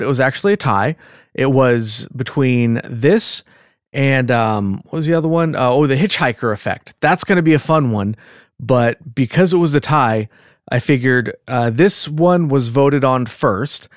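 Brief: Californian male podcast host, mid-pitched, chatty and rambling, dry close sound. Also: dry recording. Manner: chatty, rambling, quick to laugh. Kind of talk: casual podcast chat.

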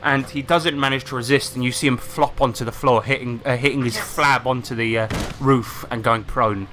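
A man's voice: mid-range voice, steady tone, normal speed, bright, forceful tone. Brief: male game master, descriptive narration with restarts, mid-range voice, noisy home recording.

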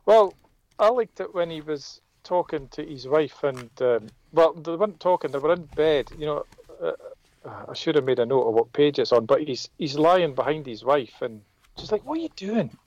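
Man, podcast co-host, amused casual talk, slightly high voice. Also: moderate pace, a little mellow, dry recording, highs cut off. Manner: amused, retells favourite moments with chuckles. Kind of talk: casual chat about a comic book.

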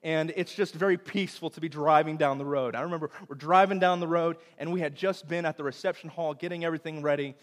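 Young pastor preaching in a reverberant hall. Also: male voice, on the high side, quick pace, few pauses. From Texas. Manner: storytelling, animated with swings from loud to hushed. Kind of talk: sermon.

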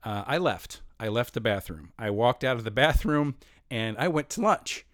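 A man's voice: medium pitch, expressive, normal speed, fairly bright tone, no room sound. Dry, rambling middle-aged man telling a story. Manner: rambling, self-mocking, laughs while telling. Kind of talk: casual personal storytelling.

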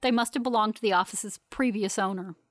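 A woman's voice: mid-range voice, brisk, no room sound, close to an everyday voice. A woman voicing a haughty, disdainful corporate woman with an imperious, sneering, dry manner.

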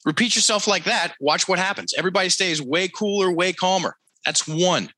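Guy on a headset telling a coaching story, acts out the quotes, super bright tone. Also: high-pitched, normal speed, rough recording. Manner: animated storyteller, acts out quotes, repeats himself. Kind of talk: casual talk.

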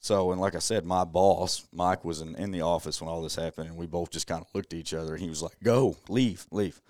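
A man's voice: sits low, level tone, quick pace, a little mellow, dry recording, clean studio sound. A young adult man, telling a personal story as a podcast guest in an earnest, casual way full of "you know.".

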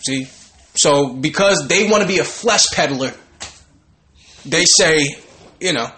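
Animated preaching man, lively talk. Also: fairly high pitch, slow pace, long pauses. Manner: animated, conversational, breaks into laughter and mock voices. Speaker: Bible study teacher. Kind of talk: preaching commentary on scripture.

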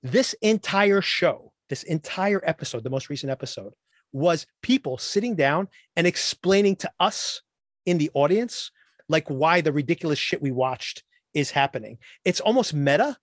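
Animated man ranting, dry close sound. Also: on the high side, no room sound. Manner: animated, ranting, mimics characters in quick asides. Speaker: podcast host. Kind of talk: casual chat.

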